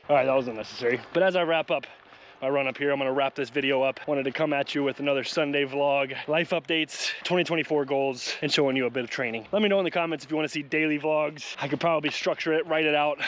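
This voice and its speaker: A man's voice: fairly high pitch, a bit bright, slight background noise. A man vlogging outdoors while running, upbeat and motivational, and out of breath. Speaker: fitness vlogger. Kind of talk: casual vlog while running. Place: outdoors on a hilly road.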